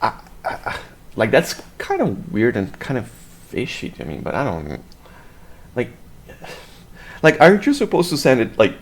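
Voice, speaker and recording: A man giving reaction commentary, agitated, swearing and stumbling over repeated words. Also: mid-range voice. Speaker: video reactor.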